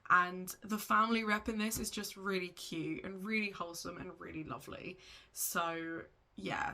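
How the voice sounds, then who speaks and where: A woman's voice: lowish voice, fairly even intonation, moderate pace, pushed and bright. Chatty young woman gushing about books. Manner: chatty and gushing, with many restarts. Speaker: book vlogger. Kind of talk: casual chat about books.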